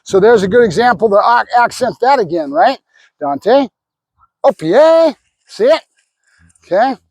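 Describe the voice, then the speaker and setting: High-voiced dog trainer, dry close sound. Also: male voice, lively intonation, moderate pace, a little mellow, no room sound. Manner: explains while giving the dog short praise cues. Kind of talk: hands-on training demonstration.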